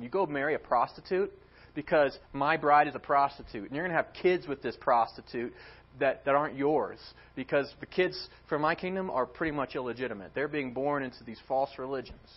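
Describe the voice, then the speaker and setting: A man preaching a sermon in an animated way, acting out quoted words as he tells the story. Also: medium pitch, muffled recording.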